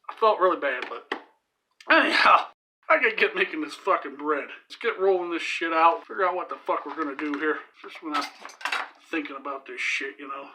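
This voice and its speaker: A man's voice: on the high side, moderate pace, long pauses, pushed and bright, a little hiss or hum. A man hosting a home cooking channel, telling a crude, profanity-filled story with laughs while he makes bread. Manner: profane, laughing, rambling anecdote delivery.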